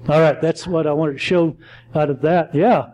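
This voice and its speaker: A man teaching a Bible study in a halting way, often stumbling and correcting himself as he reads and explains. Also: a little high, fairly even intonation, darkish tone, low-quality recording.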